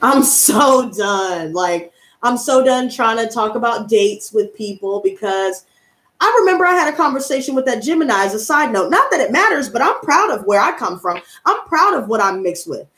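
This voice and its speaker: A woman's voice: fairly high pitch, big pitch swings, normal speed, a bit bright, roomy sound. A woman in her twenties, a tarot reader and streamer, chatting casually on a livestream with blunt, profane, heated talk. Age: 20s.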